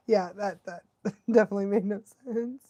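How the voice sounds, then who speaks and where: A woman's voice: medium pitch, dark tone, no room sound. A woman dog trainer hosting a casual watch-along live stream, chatty and laughing often, cooing baby talk at a dog now and then.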